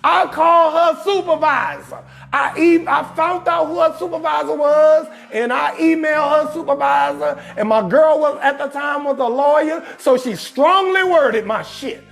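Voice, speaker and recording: A man comedian hosting his show, telling a profane comic story in a loud, emphatic way and often shouting his punchlines. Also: very high-pitched, moderate pace, vocal fry. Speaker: comedian host.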